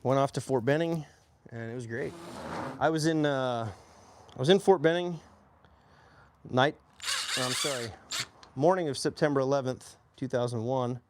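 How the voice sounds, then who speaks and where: A man's voice: mid-range voice, moderate pace, long pauses. A man in his forties, an army veteran, telling his own story in a casual, plainspoken way with faint hum behind him. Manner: plainspoken, animated when quoting others.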